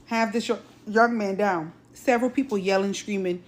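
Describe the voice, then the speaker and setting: A woman's voice: mid-range voice, moderate pace, slight background noise. A woman from South Carolina recounting an incident to her viewers in casual commentary, stressing points by repeating them. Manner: emphatic, repeats key phrases; addresses viewers directly. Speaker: social media commentator.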